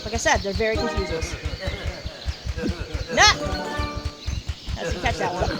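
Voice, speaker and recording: A woman's voice: medium pitch, lively intonation, unhurried. A woman hosting a let's play, giving casual, rambling commentary and playfully trash-talking the game's enemies. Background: loud game music.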